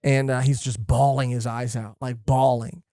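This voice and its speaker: A man co-hosting a podcast, chatting casually, excitable and profane, rambling with lots of fillers. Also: medium pitch, normal speed, no echo, studio quality. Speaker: podcast co-host. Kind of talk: casual chat.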